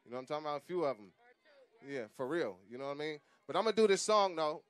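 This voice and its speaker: A man's voice: a little high, expressive, rapid-fire, clear, resonant tone. Man talking street-style at a rally. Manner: conversational, repeats "you know what I mean". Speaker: rally speaker.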